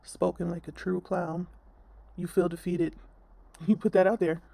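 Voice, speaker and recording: A woman's voice: on the low side, little pitch movement, measured pace, vocal fry, dark tone. A woman commentator ranting bluntly in a reaction video, scolding and swearing.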